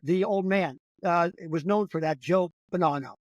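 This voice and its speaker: A man's voice: sits high, moderate pace, no room sound, muffled recording. An older man, a comedian, telling a rambling, profane story in casual conversation. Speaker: comedian guest.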